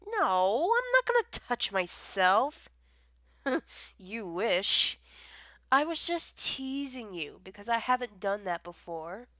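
A woman's voice: mid-range voice, a bit bright, no room sound. A young woman teasing and giggling in a casual, improvised intimate audio role-play, recorded close on a home microphone.

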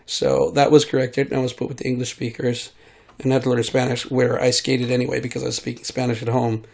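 A man rambles through a casual monologue while sick. His voice has a steady middle pitch and a gravelly, creaky texture. He wanders from thought to thought, trails off and fills gaps with ums. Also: fast talker. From United States. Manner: meandering, trailing off, many fillers. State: sick, voice hard to control. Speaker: vlogger.

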